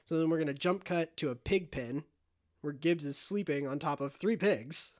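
A man casually retelling a film scene by scene, animated and jokey. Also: fairly high pitch. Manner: animated retelling, quick shifts into character voices and quotes. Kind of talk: casual movie recap chat.

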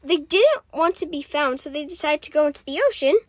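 High-voiced giggly woman podcaster. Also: brisk, no echo. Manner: chatty, giggly, lots of fillers. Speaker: podcast co-host. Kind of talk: casual podcast recap.

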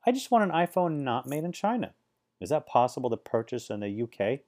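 A man voicing a fretful male forum poster in a put-on British accent, pitched above his own voice. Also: big pitch swings, fairly quick, a little mellow, natural voice.

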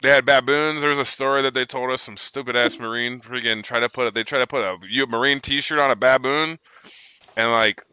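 गालियों भरी बातें करता आदमी. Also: male voice, mid-range voice, steady tone, brisk, pushed and bright, clear, resonant tone, no echo, low-quality recording. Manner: rambling, profane storyteller. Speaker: military veteran guest. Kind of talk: casual chat.

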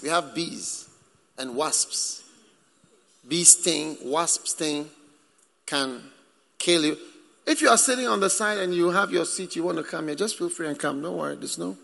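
A man preaching a sermon in a church, lively and joking with the congregation. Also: high-pitched, gravelly. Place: church hall. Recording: echoey hall with long reverb.

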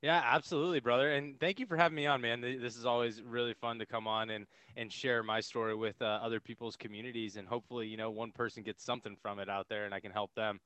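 Fast-talking man telling his story. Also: medium pitch, clean tone, dry recording. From United States. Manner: energetic, laughing, acts out quotes. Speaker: podcast guest, military veteran. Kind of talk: casual storytelling interview.

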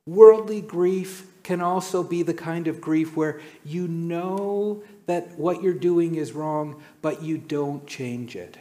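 Male preacher, unhurried sermon delivery, storyteller who voices the people he quotes. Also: dark tone. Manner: storytelling, acts out quotes with dramatic pitch jumps.

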